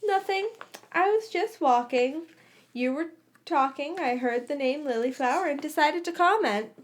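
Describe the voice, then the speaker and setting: A cocky, teasing teenage wizard boy, voiced by a woman reading a story, pitched high and loud with brash swagger. He needles and pesters in a playful, self-assured storybook voice. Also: expressive, normal speed.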